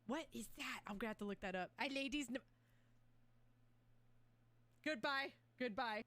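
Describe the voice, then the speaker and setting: A woman streamer chatting excitedly through a live reaction stream, with loud outbursts and plenty of swearing as she talks to her chat and her dog. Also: on the high side, normal speed, slight background noise. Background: game trailer music.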